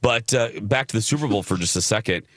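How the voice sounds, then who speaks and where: A man's voice: on the low side, quick pace, fairly bright tone, no echo, clean studio sound. A man co-hosting a radio talk show, chatting casually and laughing often.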